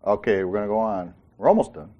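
A man's voice: fairly low pitch, animated, fast talker, muffled recording. A man leading an informal Bible study, joking and acting out the characters' lines in a folksy way. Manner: folksy, joking, acts out quotes.

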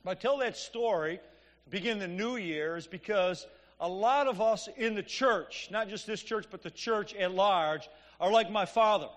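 A man's voice: high-pitched, moderate pace. A man preaching a sermon in a church, telling stories conversationally and asking the congregation "Amen?". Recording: long reverb of a church hall.

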